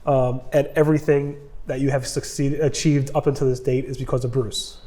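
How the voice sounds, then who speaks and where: A man's voice: mid-range voice, flat delivery, brisk, dark tone. A man hosting a casual vlog, talking on the road and then chatting with a guest, with lots of fillers and jokes. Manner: chatty, filler-heavy, joking. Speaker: vlog host. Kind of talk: casual vlog talk and interview. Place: driving in a car, then indoors at an office.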